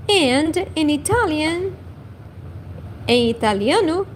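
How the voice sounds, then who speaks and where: Slow, lively woman teaching languages. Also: sits high, a little hiss or hum. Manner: slow, repeats each word for learners. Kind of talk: livestream language lesson.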